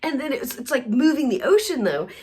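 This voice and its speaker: This woman's high voice swings widely in pitch and moves a little fast. Hosting a wellness podcast, she laughs her way through a funny story in a casual monologue, then winds down with a gentle, soft and soothing close.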